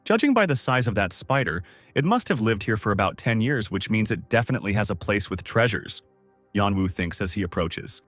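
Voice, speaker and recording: A man's voice: on the low side, a little fast, no echo, faint music behind. A man narrating a comic story recap in a scripted storytelling voice. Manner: steady storytelling voice that swings into character voices.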